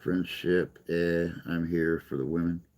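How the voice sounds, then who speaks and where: A man's voice: low voice, level tone, slow. A man hosting a morning live stream, chatting casually and joking with viewers in a rambling way. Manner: rambling, joking, reads and answers chat.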